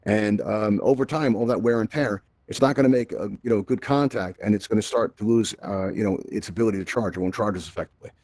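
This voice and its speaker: Fast-talking man hosting a VR event. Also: fairly low pitch, darkish tone, dry recording. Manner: fast, chatty, keeps checking in with "right?". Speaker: event host. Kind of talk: casual tech presentation to a live audience. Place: virtual reality social space. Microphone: VR headset microphone.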